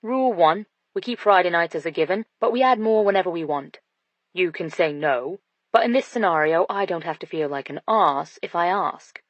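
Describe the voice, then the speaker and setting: A woman reading an audiobook, voicing a confident, flirtatious British businessman with a low, teasing delivery. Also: animated, moderate pace, no echo. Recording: dull dry studio sound.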